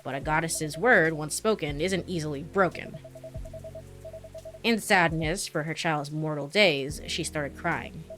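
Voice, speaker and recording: A woman's voice: low voice, a little slow, fairly bright tone. A young woman streaming a game, reading its story aloud with giggles, stumbles over names and chatty asides. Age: young adult. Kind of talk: let's play, reading game text aloud. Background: faint game music.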